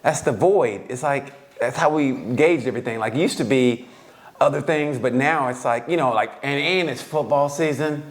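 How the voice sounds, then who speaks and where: A man's voice: mid-range voice, moderate pace. Man, casual podcast storyteller, profane and loose, laughs often. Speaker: podcast co-host. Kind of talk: casual chat.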